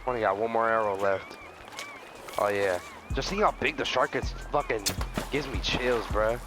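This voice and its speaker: A man's voice: on the low side, normal speed. A young man giving profane, jumpy commentary while playing a game, shrieking at scares and muttering in between. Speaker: gaming video host. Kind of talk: profane let's-play commentary. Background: background music.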